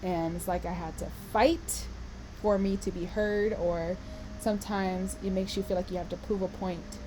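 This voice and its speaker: A woman's voice: mid-range voice, steady tone, normal speed, noisy background. A woman giving a passionate, emotional motivational talk, holding back tears and swearing for emphasis. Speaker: vlogger and tour organizer.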